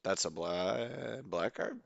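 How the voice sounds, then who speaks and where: Young male streamer, rambling excitable commentary, low gravelly voice, close dry sound. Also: slow pace, no room sound, highs cut off. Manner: rambling, excitable, swears casually. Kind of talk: casual gameplay commentary.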